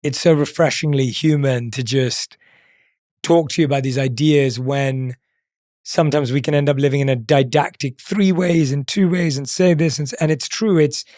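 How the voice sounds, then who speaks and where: A man's voice: mid-range voice, steady tone, normal speed, a little mellow, no room sound, clean studio sound. A man hosting a podcast interview, talking in an effusive, appreciative way. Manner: effusive and appreciative, with short backchannel replies. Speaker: podcast host. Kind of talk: casual interview chat.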